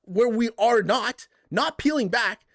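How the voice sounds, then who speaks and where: A man's voice: extremely high pitch, expressive, a little slow, fairly bright tone. A man hosting a casual gaming podcast, ranting in heated, profane bursts and repeating himself for emphasis. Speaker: podcast host.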